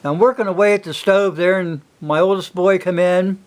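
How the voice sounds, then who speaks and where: Older man, high-pitched, casual folksy storyteller, rambling delivery. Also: steady tone, moderate pace. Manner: rambling, folksy, many fillers. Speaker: single father telling stories.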